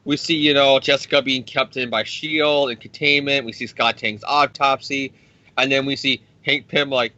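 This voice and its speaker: A man co-hosting a podcast, recapping a comic book in a rambling, profane, excitable way. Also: mid-range voice, moderate pace, no echo. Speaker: podcast co-host. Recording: dry, dull lo-fi sound.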